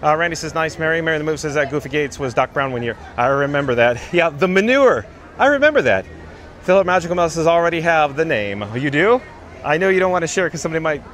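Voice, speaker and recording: A man's voice: on the high side, fast, a bit bright. A man hosting a live-streamed walking tour outdoors in a theme park, chatting and reading viewer comments aloud, recorded on a handheld mic while walking.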